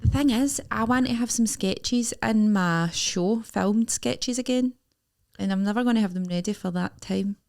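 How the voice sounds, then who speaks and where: A woman's voice: medium pitch, moderate pace, creaky, a little mellow. Chatty Scottish woman comedian. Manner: chatty, gossipy storytelling. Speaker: comedian and podcast co-host. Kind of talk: casual chat.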